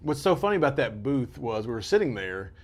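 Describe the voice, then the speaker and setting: A man hosting a casual interview podcast, telling a story with lively voices and a drawl. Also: mid-range voice, fairly quick. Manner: animated storyteller, drawls y'all. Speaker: podcast host.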